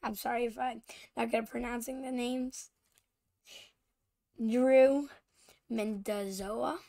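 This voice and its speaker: Slow, gravelly-voiced young woman host. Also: a little high, steady tone, dark tone. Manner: halting, many fillers, often apologizes for mispronouncing names. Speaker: channel host showing baseball cards. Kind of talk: casual card-opening commentary.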